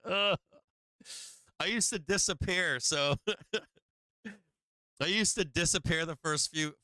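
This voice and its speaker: A man on a live trading stream, frustrated and cursing as he talks through his losses, now and then laughing at himself. His voice is bright and very clear, and the sound is dry and close with no room echo. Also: fairly high pitch.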